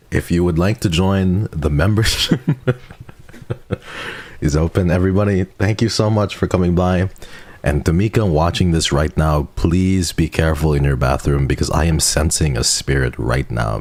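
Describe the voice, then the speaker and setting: A man's voice: deep voice, normal speed, a little mellow, no echo. A man hosting a live stream, chatting casually with a guest, joking and swearing often. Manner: joking, profane, laughs often. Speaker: streamer host.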